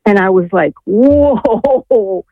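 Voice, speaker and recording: A woman's voice: mid-range voice, unhurried, no room sound. A woman from Maine calling in to a radio show, telling a story earnestly and rambling with many fillers over a phone line. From Maine, USA. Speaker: caller. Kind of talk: call-in testimony.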